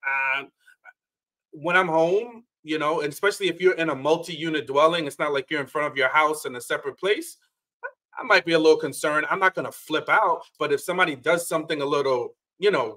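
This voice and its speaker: A man co-hosting a podcast, chatting casually about a reality show, telling stories with lots of laughter and quoted asides. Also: a little high. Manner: animated storytelling, quotes people in playful voices, laughs often. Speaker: podcast co-host. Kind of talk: casual reality-TV recap chat.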